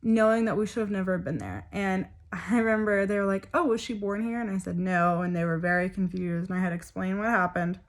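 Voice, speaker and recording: A woman's voice: mid-range voice, brisk, hardly any pauses. A young woman talks straight to her viewers. She tells her story in an open, emotional way. Her speech is loose and full of fillers and side remarks. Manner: chatty, emotional, many fillers. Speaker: vlogger. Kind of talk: personal storytelling vlog.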